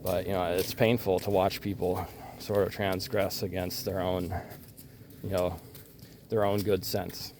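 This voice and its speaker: A man talking reflectively in a casual chat, halting, full of fillers, trailing off. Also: sits low, level tone, background noise. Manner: halting, many "you know" fillers, trails off.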